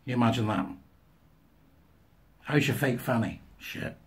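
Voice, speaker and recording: A man's voice: mid-range voice, animated, a little slow, vocal fry. A man reading news articles aloud and mocking them with sarcastic, scornful asides, often laughing at his own jokes. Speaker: commentator.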